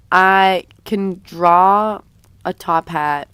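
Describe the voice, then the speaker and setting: While drawing on a livestream, this woman talks casually with her audience, reading and replying to chat, and her voice seems slightly sick. It's lowish and creaky at a measured pace, with no echo.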